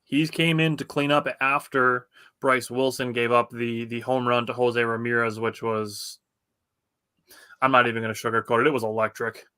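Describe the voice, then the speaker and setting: A man co-hosting a sports podcast, telling game stories in an excited, chatty way. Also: medium pitch, moderate pace, clear, resonant tone. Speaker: podcast co-host. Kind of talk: casual sports chat.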